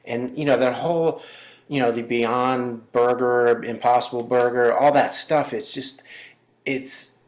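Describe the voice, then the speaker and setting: A man talking as a guest in casual interview chat, halting and rambling with many fillers. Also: medium pitch, steady tone, echoey room. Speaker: musician guest.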